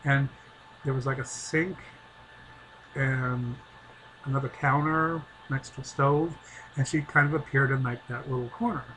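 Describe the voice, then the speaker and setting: Brief: middle-aged man, rambling storyteller, average pitch, soft and hesitant. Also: fairly even intonation, unhurried, long pauses, a little hiss or hum, poor audio. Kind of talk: casual personal storytelling.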